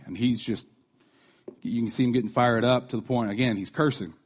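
This man in his thirties preaches in a medium-pitched, darkish, husky voice at a fairly quick pace. His sermon is casual and chatty, with restarts, asides, and quoted voices he acts out.

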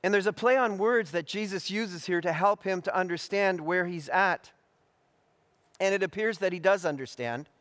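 A man preaching an expository sermon, measured and deliberate, with frequent restarts and fillers. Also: sits high, fairly bright tone, big-room sound.

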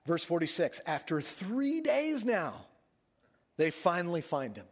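A man preaching a sermon, telling the story with animated swings and dropping his voice soft for emphasis. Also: a little high, a little slow. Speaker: pastor.

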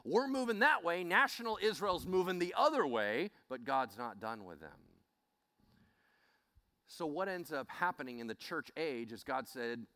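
A male pastor preaching with a bright, forceful voice that swings widely in pitch. He sounds animated and conversational and keeps calling out questions to the congregation. His voice sits slightly high for a man. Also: normal speed, no echo. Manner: animated storytelling with call-outs to the congregation. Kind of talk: sermon.

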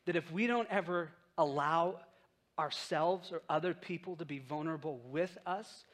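A man's voice: on the high side, normal speed, fairly bright tone. A man preaching a sermon in a casual storytelling way, acting out the quotes in his stories. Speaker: pastor.

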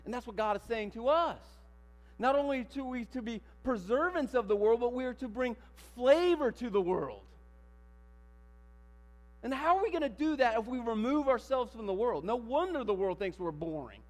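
A man preaching a sermon in a church, animated, firing rhetorical questions and building to emphatic declarations. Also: very high voice, normal speed. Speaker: pastor. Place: church sanctuary. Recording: long hall reverb with mains hum.

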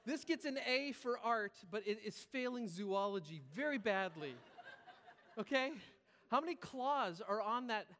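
A man's voice: high-pitched, expressive, measured pace, fairly bright tone. A man preaching a humorous sermon as a pastor, joking and acting out voices with laughing asides. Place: large church hall. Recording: reverberant hall.

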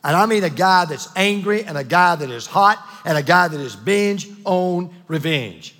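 A man preaching a sermon, telling a Bible story with lively, animated delivery and acting out the characters. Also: high voice, normal speed, big-room sound. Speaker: pastor.

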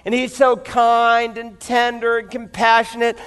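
A man's voice: extremely high pitch, monotone, a little slow, a bit bright, clean tone, long reverb tail. A pastor preaching to a live congregation, telling an illustrative story and speaking straight to his listeners. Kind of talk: sermon. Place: church before a live congregation.

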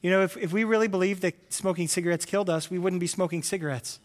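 Animated male pastor in a reverberant hall. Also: high voice, fast talker. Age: adult with children. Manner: animated, acts out voices with loud comic bursts. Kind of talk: sermon.

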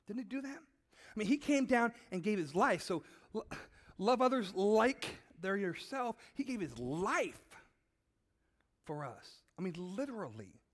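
A man's voice: high voice, very animated, a little slow. A middle-aged man preaching a conversational sermon, repeating words and asking his listeners questions. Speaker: pastor.

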